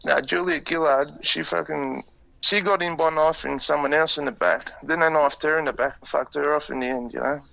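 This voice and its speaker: Man, Australian accent, gravelly, blunt and profane, muffled phone call. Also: on the high side, steady tone, brisk. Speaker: phone-in caller. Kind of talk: casual chat on a phone call.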